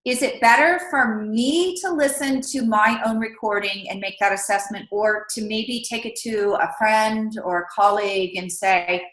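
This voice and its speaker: A woman's voice: mid-range voice, fairly even intonation, moderate pace, hardly any pauses, a bit bright, echoey room, rough recording. A woman interviewer asking eager, self-critical questions.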